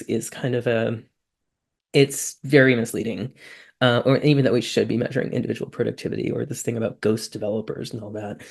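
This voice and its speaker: A woman speaking on a webinar panel, impassioned and quick to get worked up, with frequent "um" fillers. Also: extremely low pitch, a little mellow.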